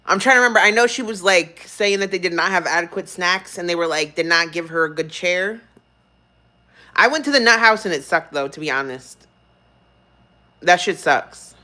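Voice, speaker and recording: A woman's voice: on the low side, normal speed, pushed and bright. A young woman streamer ranting casually on a livestream, swearing freely, rambling and laughing often.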